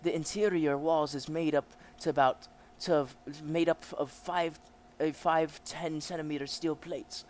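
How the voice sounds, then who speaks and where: A man's voice: a little high, fairly even intonation, a little slow, few pauses, a little mellow, slight background noise, pitched above the performer's own voice, lightly acted. A man voicing a stiff scientist with a put-on German accent, explaining formally.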